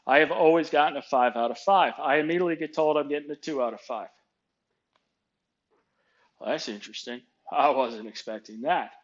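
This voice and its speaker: A man's voice: a little high, a little fast. Middle-aged man, blunt and sarcastic, casual rant, dull lo-fi audio. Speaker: storyteller ranting about his job. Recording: dull lo-fi recording.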